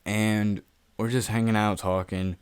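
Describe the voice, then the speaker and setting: Low-voiced young man telling a story. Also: flat delivery, a little slow, clean tone. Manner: profane, blunt and offhand. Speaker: YouTuber. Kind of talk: casual storytelling vlog.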